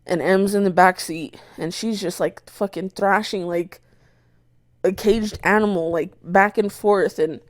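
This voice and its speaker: A young woman co-hosting a podcast, telling a story in a casual, animated way, swearing often and acting out her own shouts. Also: lowish voice, unhurried, dry recording, studio quality. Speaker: podcast co-host.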